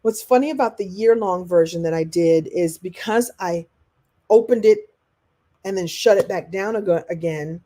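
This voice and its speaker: A chatty woman coach speaks to her viewers in a live online class. Her voice is mellow and warm, and she is animated and breaks into little laughs. She keeps it conversational, answering questions as they come in. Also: fairly low pitch, normal speed. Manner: laughs often while talking.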